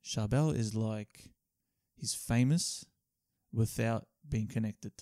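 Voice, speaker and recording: A young man from Australia in casual, joking podcast banter, deadpan about his own impressions. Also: on the low side, slow, dry recording, clean studio sound. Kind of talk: casual chat.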